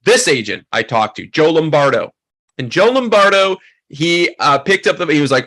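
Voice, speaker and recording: A man in his thirties teaching a photography workshop, telling a story in a loose, animated way with lots of fillers. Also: fairly high pitch, normal speed. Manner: animated, acts out quoted voices, many fillers. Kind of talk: casual storytelling to a workshop group.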